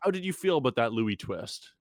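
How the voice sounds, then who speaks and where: A young man co-hosting a podcast, chatting casually and rambling in an animated, self-mocking way. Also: mid-range voice, a little fast, no echo. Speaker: podcast co-host. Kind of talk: casual recap chat.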